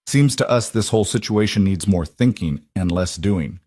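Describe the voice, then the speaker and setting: Brief: man playing a steady old cowhand, low and calm. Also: moderate pace, slightly rough, no echo, studio quality. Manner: calm, drawling, authoritative. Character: weathered old ranch hand, calm.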